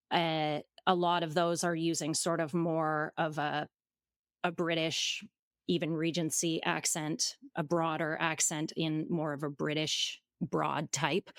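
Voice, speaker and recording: A woman who coaches accents, answering interview questions in a measured, explanatory way with frequent fillers. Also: low voice, no room sound, studio quality. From Canada.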